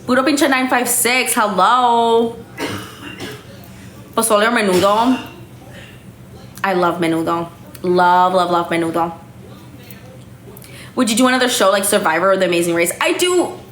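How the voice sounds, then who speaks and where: A young woman hosts a casual livestream from home, chatty and a bit tipsy, full of fillers and offhand swearing. Her medium-pitched, slightly bright voice is expressive, moving at a moderate pace with frequent pauses. The room is echoey, with faint background noise.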